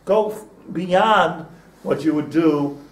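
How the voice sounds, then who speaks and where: A man's voice: on the high side, takes it slowly. A man, a rabbi, giving an informal class to students, chatty and restarting his phrases, with Hebrew terms mixed in. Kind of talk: informal Torah lecture. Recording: roomy echo, mic at a distance.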